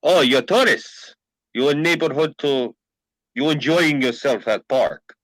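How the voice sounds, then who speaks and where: A man playing a huge mob guard who speaks broken English in a low, hushed voice. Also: measured pace, no echo. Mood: hushed, menacing. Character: huge menacing-friendly male Russian mob guard.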